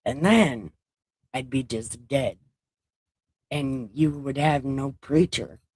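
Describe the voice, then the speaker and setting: A middle-aged woman chats on her livestream in an unhurried, drawn-out way and is openly mouthy, swearing without a second thought. Her voice sits close and dry, with almost no room sound around it. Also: rumbling low, a little mellow, husky, no echo. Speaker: livestream host. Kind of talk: casual livestream chat.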